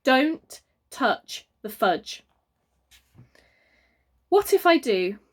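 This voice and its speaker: A spoiled, bossy little girl from a storybook, slow and stubborn as she lays down demands, as a woman reads her. Her voice sits a little high. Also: big pitch swings, exaggerated voice.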